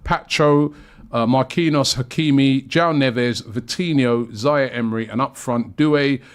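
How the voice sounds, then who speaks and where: A man's voice: mid-range voice, measured pace, clean tone. A man hosting a casual football chat show, chatty and rambling with lots of fillers. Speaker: show host.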